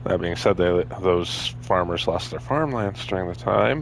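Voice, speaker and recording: A man's voice: unhurried, creaky, slight background noise. A man giving casual, joking commentary while playing a video game. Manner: joking and chatty, jumping into high tones. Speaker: gameplay commentator.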